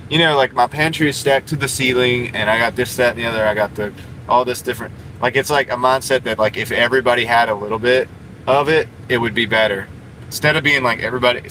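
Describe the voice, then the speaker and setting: Man streamer, bright voice, loose rambling chat from a parked car on a phone mic, faint hum behind. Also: medium pitch, low-quality recording. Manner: rambling and chatty, many fillers. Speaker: livestreamer. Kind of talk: casual live stream chat reading comments.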